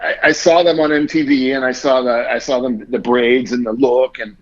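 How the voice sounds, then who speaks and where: A man's voice: medium pitch, fairly even intonation, normal speed, dull audio. Swearing man telling a rambling story. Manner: rambling, heavy swearing, acts out quotes. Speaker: podcast guest. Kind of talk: casual storytelling.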